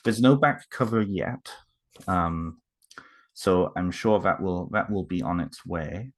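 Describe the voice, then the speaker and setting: A low-voiced man is unboxing books in a relaxed home vlog. Emotional and moved, he stumbles through his words with many fillers and restarts.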